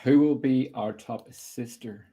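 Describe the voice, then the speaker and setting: A young man hosting a casual football podcast, chatty and opinionated, putting quick-fire questions to his guest. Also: mid-range voice, warm tone. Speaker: host.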